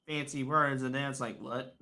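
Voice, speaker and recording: A man in his twenties with an American accent, a loud, laid-back podcast guest. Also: mid-range voice, brisk. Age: 20s. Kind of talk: casual interview chat.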